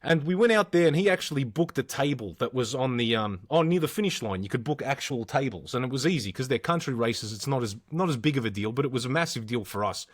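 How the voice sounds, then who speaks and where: A man's voice: mid-range voice, quick pace, few pauses. An Australian man in his thirties, a podcast co-host, telling rowdy stories in casual chat and swearing constantly. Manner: swears constantly, animated storyteller.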